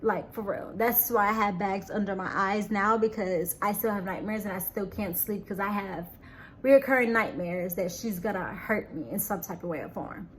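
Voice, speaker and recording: Woman vlogger, mid-pitched voice, halting earnest storytelling with restarts, faint noise behind. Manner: halting, repeats words and restarts sentences. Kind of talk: personal storytelling to camera.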